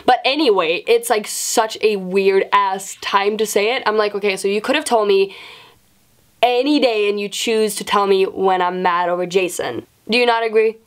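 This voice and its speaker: A young woman vlogger casually telling a personal story, swearing often and acting out quoted lines in a raised voice. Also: normal speed. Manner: animated, swears often, acts out quotes in a higher voice.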